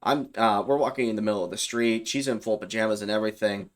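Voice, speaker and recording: Young man, lowish voice, rambling casual storyteller. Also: quick pace. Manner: loose and rambling, with fillers and self-corrections. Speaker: YouTube storyteller.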